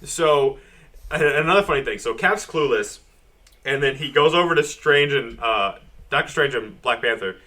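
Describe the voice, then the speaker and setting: A man co-hosting a casual comic book podcast, recapping the story with lots of laughter and quick acted-out lines from the characters. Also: mid-range voice. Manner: animated, acts out characters' lines in quick voices. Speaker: podcast co-host.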